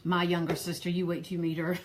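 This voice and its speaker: A woman's voice: fairly low pitch, little pitch movement, fast talker, slight background noise, close to an everyday voice. A woman voicing a harried, gossipy old granny who rambles in a folksy drawl while hosting a pearl party. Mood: chatty. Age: older. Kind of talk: comedic character live stream.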